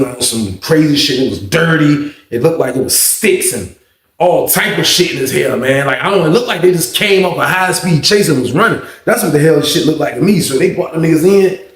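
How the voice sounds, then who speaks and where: A man's voice: mid-range voice, vocal fry. A man telling a story from his past in a casual, slangy, profane, rambling way. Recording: echoey room.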